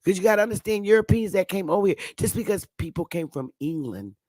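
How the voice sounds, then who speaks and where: Fast and lively in intonation, this woman has a mid-range, slightly mellow voice and no echo. A channel host in her fifties from Connecticut, she rambles casually to her viewers, repeats herself, and calls them sweetheart and love.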